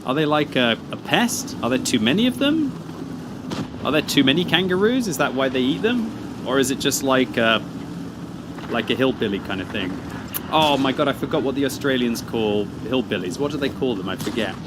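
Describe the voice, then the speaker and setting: A man's voice: medium pitch, expressive, moderate pace. A British man chatting casually while streaming a game, teasing and rambling as he reads out chat messages. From Britain. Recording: clear background game noise.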